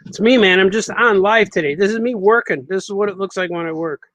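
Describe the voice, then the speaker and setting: A man's voice: sits high, fast, fairly bright tone, dry recording, low-quality recording. A man, a cartoonist, chatting casually on a live stream while he draws, repeating himself as he works.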